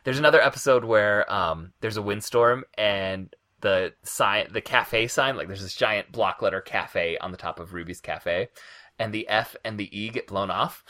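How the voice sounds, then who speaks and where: A man co-hosts a podcast in casual chat, his lowish voice bright and forward. He retells comic scenes with relish before drawing out his point. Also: moderate pace. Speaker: podcast co-host.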